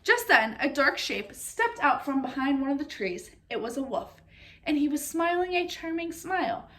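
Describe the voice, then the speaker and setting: A woman reading a children's storybook aloud, expressively, pausing to ask her listeners questions. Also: high-pitched, big pitch swings, a bit bright, slight background noise.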